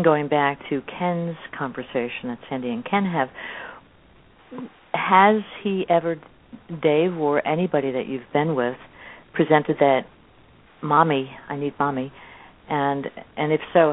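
Soft-spoken woman asking a question. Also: low-pitched, measured pace. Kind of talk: question to a guest. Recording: tinny phone line with faint hiss.

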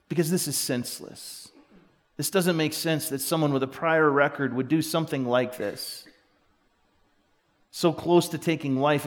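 Middle-aged man, pastor, fairly high voice, preaches with hushed lows and shouted highs. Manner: swings from hushed, near-whispered storytelling to loud, excited shouting. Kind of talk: sermon.

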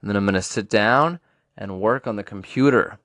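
A man's voice: on the low side, normal speed, a bit bright, no echo. A man in his twenties hosting his own podcast, talking in a playful, rambling and earnest way. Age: 20s. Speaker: podcast host. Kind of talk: casual solo podcast monologue.

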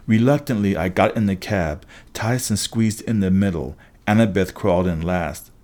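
A man's voice: low-pitched, moderate pace, darkish tone. A man narrating a first-person story aloud, with occasional slips and restarts. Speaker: audiobook reader.

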